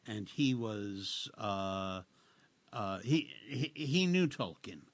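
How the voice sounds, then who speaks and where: A man hosting a radio show, chatting casually in a halting, rambling way with lots of fillers and restarts. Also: lowish voice, animated, no room sound. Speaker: radio host. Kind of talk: casual radio interview chat.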